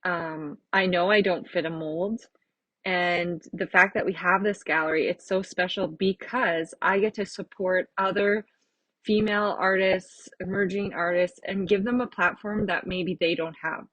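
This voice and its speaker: A woman's voice: fairly low pitch, fairly even intonation, a little slow, fairly bright tone, no echo, rough recording. A middle-aged woman hosting a podcast, talking in an earnest, reflective way that rambles with fillers and restarts. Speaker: podcast host and artist. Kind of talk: casual heartfelt monologue.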